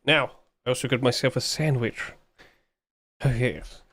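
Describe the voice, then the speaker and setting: A man's voice: medium pitch, steady tone, measured pace, fairly bright tone, husky, no echo. A British man talks casually to his stream chat in a chatty, joking way, with a voice of middle height. His voice is close and dry, with no room sound around it. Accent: British English.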